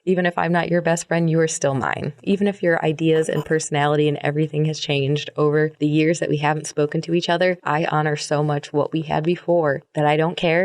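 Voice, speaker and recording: A young woman hosts her own solo podcast, musing in a loose, wandering way. Her voice has a gravelly fry at the bottom, and she restarts phrases and repeats words as she works through her thoughts. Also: low voice, darkish tone. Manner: rambling, repeats words, frequent fillers and laughs. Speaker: podcast host. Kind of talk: reflective solo monologue.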